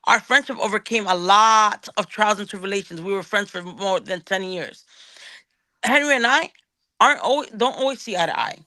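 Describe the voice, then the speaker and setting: A woman's voice: mid-range voice, normal speed, bright, forceful tone, dry recording. A woman ranting angrily as a guest on a show, swearing often and restarting her words as she gets worked up. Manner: angry, profane, repeats and restarts words. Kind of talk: heated ranting call-out.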